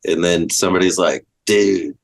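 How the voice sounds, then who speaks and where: A man telling stories in a relaxed, casual way, swearing freely and saying "like" a lot. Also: low voice, moderate pace, creaky. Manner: laid-back, swears freely, lots of likes. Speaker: guest. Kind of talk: casual storytelling.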